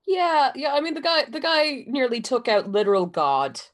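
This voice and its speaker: A woman co-hosting a podcast in casual chat, swearing freely and tripping over quick restarts. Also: sits high, sing-song. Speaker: podcast co-host.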